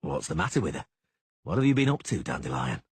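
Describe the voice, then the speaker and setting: A man's voice: extremely low pitch, sing-song, fast talker, husky, no room sound, pitched below the performer's own voice, heavily acted. A man voicing a terse, dry monster hunter in an audiobook. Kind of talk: audiobook character voice.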